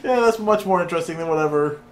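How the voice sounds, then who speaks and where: A young man co-hosting a casual podcast, soft-spoken and hesitant, often trailing off. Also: quick pace. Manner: hesitant, low-key, soft. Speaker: podcast co-host. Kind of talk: casual chat.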